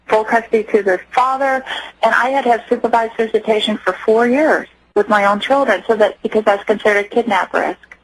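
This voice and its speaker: A woman giving personal testimony as a radio interview guest, earnest and halting, often restarting her sentences. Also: fairly high pitch, steady tone, fairly bright tone, a little hiss or hum, poor audio.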